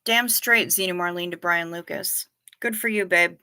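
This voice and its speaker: A woman's voice: on the low side, moderate pace, bright, forceful tone, clear, resonant tone. A woman hosting a casual livestream, chatting frankly with her viewers, greeting them by name and swearing offhandedly. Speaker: livestream host.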